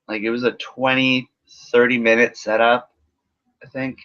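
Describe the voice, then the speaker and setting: A man's voice: medium pitch, little pitch movement, moderate pace, a bit bright. A man giving a casual, rambling film review full of sarcasm and swearing. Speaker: movie reviewer. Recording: dull lo-fi recording.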